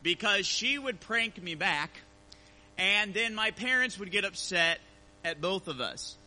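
A man preaching a sermon, telling a personal story in a relaxed, conversational way before reading scripture aloud. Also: high-pitched, measured pace, rough recording. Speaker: pastor.

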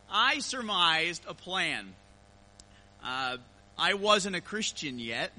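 Bright, high-voiced male pastor. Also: slight background noise, low-quality recording. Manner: storytelling, conversational with scripture reading. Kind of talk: sermon.

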